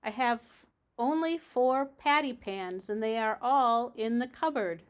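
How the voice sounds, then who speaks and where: A woman's voice: fairly high pitch, slow. A woman voicing a prim, proper lady cat hostess in a storybook read aloud, speaking precisely and severely.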